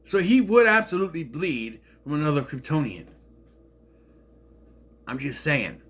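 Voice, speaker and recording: A man rambles through a casual recap in a slightly high voice. He swings his pitch widely as he gets indignant and sarcastic about plot holes. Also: sing-song, a little slow, fairly bright tone. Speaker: show reviewer.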